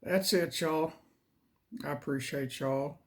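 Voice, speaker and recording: A man reading scripture slowly and measuredly, then chatting casually as host. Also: on the high side, a bit bright. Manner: slow, measured delivery. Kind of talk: Bible reading and casual chat.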